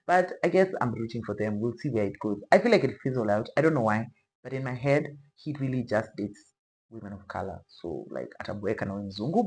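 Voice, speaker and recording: A woman's voice: a bass voice, rough recording. A woman chatting casually as a reaction vlogger, rambling and playfully opinionated, with slang asides.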